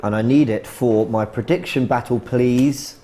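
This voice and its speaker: A man's voice: medium pitch, unhurried, mellow, slight background noise. A man co-hosting a football watch-along stream, chatting casually and teasing his co-hosts. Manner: jokey, teasing. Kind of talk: casual banter.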